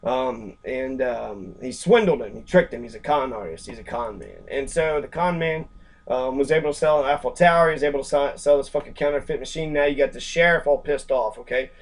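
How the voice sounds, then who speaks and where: A man's voice: mid-range voice, a little fast. A man reading a book passage aloud and commenting on it casually, rambling and swearing, with many fillers. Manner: acts out quoted characters in brief voices.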